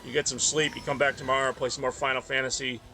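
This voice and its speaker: A man's voice: mid-range voice, flat delivery, quick pace, sharp tone. A man from the Northeast US, tired and rambling in casual chat while streaming a racing game. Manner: rambling, self-deprecating, mumbly asides.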